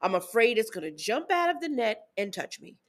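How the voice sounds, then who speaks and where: Her voice a little high and her pace a little fast, a thirty-something podcast co-host animatedly recounts a story in casual conversation. She voices the quotes of her kids and her ex as she goes.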